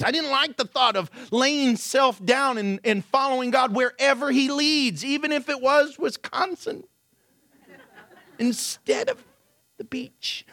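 A male pastor with a notably high voice preaches with energy, swinging from raised exclamations to soft, low asides. He asks his listeners rhetorical questions. The sound is close and dry, with no room echo. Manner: animated storytelling with sudden drops to a low, quiet aside. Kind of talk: sermon.

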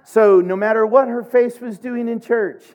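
A middle-aged man from Oklahoma preaching a sermon, telling humorous, animated stories. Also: very high-pitched, normal speed, highs cut off. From Oklahoma, USA. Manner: humorous, animated storytelling with laughs.

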